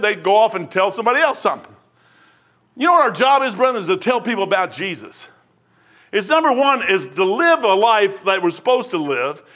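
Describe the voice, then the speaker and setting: A middle-aged male pastor preaching a sermon in a folksy, rambling storytelling way, with loud bursts. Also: high voice.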